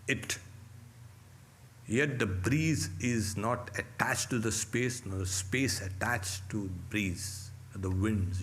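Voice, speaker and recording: A man, a monk, giving a lecture on scripture in slow, deliberate phrases with long pauses, asking rhetorical questions and answering them himself. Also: mid-range voice, fairly bright tone. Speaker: monk teaching scripture class.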